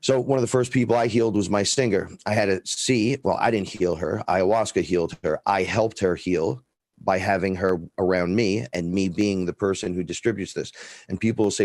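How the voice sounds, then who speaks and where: A man's voice: low-pitched, brisk, no room sound. A middle-aged man from the Bronx, telling personal stories as a guest and acting out the dialogue. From the Bronx, New York. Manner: animated storyteller, acts out quoted dialogue, swears freely. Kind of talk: casual storytelling.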